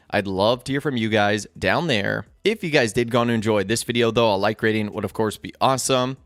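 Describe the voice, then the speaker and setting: A man's voice: medium pitch, a bit bright, no room sound, studio quality. A man talking straight to viewers in a scripted gaming news video, upbeat and direct.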